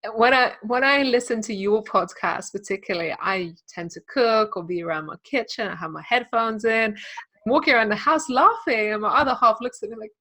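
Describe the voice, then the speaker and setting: A woman's voice: fairly high pitch, brisk, sharp tone. A woman hosting a podcast interview, chatting casually and encouraging her guest. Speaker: podcast host.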